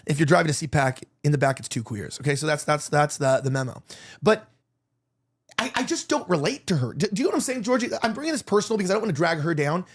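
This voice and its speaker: A man's voice: a little high, sing-song, quick pace, breathy edge. Rambling man hosting a chat show. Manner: rambling, emotional, with many restarts; provocative joking. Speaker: podcast host. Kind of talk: casual opinion chat.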